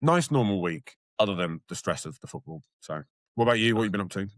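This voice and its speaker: A man's voice: lowish voice, quick pace, dry recording, studio quality. A young man, telling stories and chuckling as a podcast co-host. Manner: lively storytelling, chuckling. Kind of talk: casual chat.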